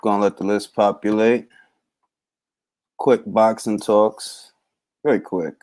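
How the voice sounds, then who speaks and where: A man hosting a live boxing talk stream in casual, laid-back chat, shouting out viewers by name. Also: on the low side, fairly even intonation, takes it slowly.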